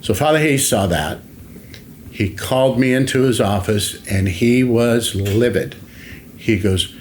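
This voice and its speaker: An older man, a longtime school facilities director, telling stories in an interview at an unhurried pace with many fillers, acting out what people said. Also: mid-range voice, slight background noise. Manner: anecdotal, unhurried, many fillers and acted-out quotes. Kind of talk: interview storytelling.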